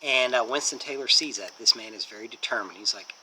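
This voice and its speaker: Man with a bright, forceful voice. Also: medium pitch, brisk, few pauses, slight background noise, poor audio. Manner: rambling retelling with many fillers. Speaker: movie reviewer. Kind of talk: casual plot recap.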